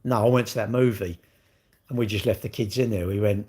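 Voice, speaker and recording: A man's voice: lowish voice, steady tone, a little fast, darkish tone, breathy edge. A middle-aged man with a British accent, chatting casually on a livestream and rambling through viewers' questions. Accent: British English. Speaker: livestream host answering chat. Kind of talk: casual chat.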